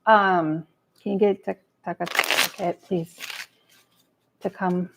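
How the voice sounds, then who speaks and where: A woman reading tarot on a livestream in a loose, chatty way, swearing freely and muttering half to herself. Her mid-pitched voice has some gravelly fry in it. There is a faint hiss in the background. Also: steady tone, slow. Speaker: tarot reader. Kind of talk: live tarot reading, casual chat. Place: home table with a cat nearby.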